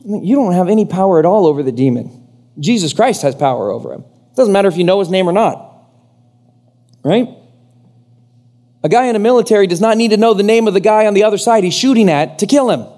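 A male pastor preaching a sermon in an animated way, acting out the voices he quotes. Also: sits high, fairly quick, pauses often.

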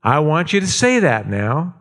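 A man preaching a sermon, voicing a kindly old grandfather who coaxes a child in a raised, gentle voice. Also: very animated, a little slow, full character voice. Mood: coaxing. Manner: coaxing, warm, raised pitch.

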